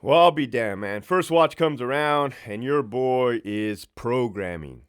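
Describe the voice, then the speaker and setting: A man, a former prison lieutenant, telling a work story in a casual, profane, animated way. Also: mid-range voice, unhurried, smooth.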